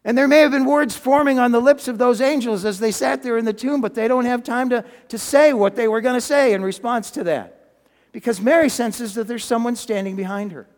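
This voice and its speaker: A man preaching a sermon, retelling a story in a lively way with folksy, humorous asides. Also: very high voice, fairly quick, in a large hall.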